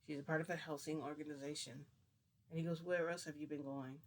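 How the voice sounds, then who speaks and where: A man's voice: a little high, level tone, brisk, slight background noise. A man casually retelling a personal story to the camera, rambling and acting out dialogue with "I'm like" and "he goes". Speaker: vlogger.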